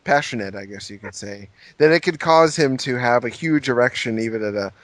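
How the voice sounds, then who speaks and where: A man's voice: medium pitch, a little fast, dry recording. A man co-hosting a comedy podcast, reacting with dry, wry quips and bursts of laughter. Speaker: podcast co-host. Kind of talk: casual comedic chat.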